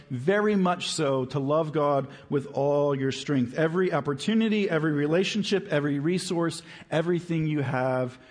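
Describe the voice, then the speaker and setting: A man preaching a sermon as pastor, conversational and emphatic, slowing down to stress key words. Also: a little high, darkish tone. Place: church sanctuary. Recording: long hall reverb.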